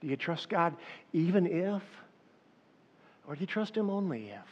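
With a slightly high voice, normal pace and frequent pauses, a pastor in his fifties preaches, telling stories with animation and addressing his congregation. It's recorded in an echoey hall, with dull lo-fi sound.

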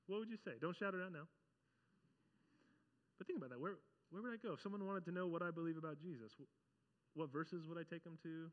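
A man preaching a conversational sermon as pastor, animated and often acting out the voices he quotes. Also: high voice, fast, long reverb tail, muffled recording.

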